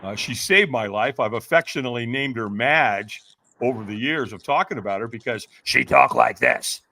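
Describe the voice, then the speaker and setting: A man in his sixties, a podcast guest telling his personal story in an animated way and acting out voices. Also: mid-range voice, brisk, a little hiss or hum.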